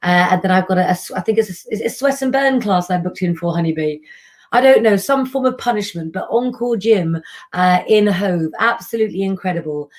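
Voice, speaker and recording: A woman's voice: mid-range voice, brisk. A woman hosting a casual astrology livestream, chatty and affectionate, calling viewers darling and honey. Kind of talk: casual live-stream chat.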